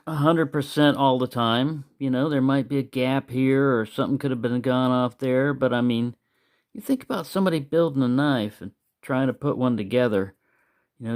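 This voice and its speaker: A man hosting his own channel, talking in a loose, meandering way in a casual monologue. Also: mid-range voice. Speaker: knife collector and channel host.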